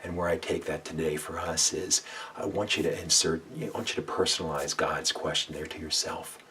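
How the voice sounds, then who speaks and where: Man, pastor, deep voice, earnest sermon, slightly distant home recording. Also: steady tone, normal speed, bright, forceful tone. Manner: earnest, asks listeners to repeat lines aloud, drops to a whisper for God's voice. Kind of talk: devotional sermon. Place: home room with a window. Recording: slightly distant mic, faint background noise.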